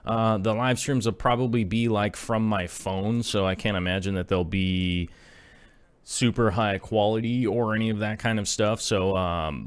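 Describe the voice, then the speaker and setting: A man's voice: lowish voice, unhurried, clean tone, dry recording. A man in his thirties hosting a casual live stream, rambling with many fillers and reading viewer messages aloud. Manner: rambling, filler-heavy, reads chat aloud. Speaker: aquarium channel host.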